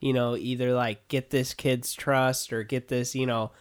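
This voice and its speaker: A young man chatting casually with friends, animated, swearing and joking. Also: mid-range voice, unhurried, clean tone. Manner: animated, swearing, loose and jokey. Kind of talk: casual chat.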